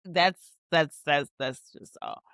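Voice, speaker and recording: A woman hosting a TV show rewatch, recapping scenes in a rambling, animated, profane way. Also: low voice, slow pace, dry recording. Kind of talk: casual episode recap and commentary.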